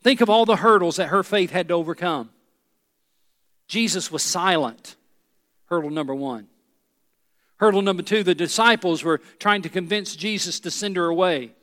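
Speaking in a notably high, somewhat bright voice, a male pastor preaches a sermon with earnest emphasis at a moderate pace, often pausing. He offers rhetorical asides to the congregation as the long reverb of a big sanctuary carries his words.

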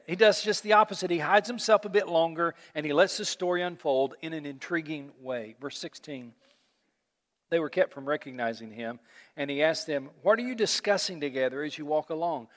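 A man's voice: sits high, fairly bright tone. A man preaching a sermon in a conversational way, acting out quotes and repeating words. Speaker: pastor. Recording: long hall reverb.

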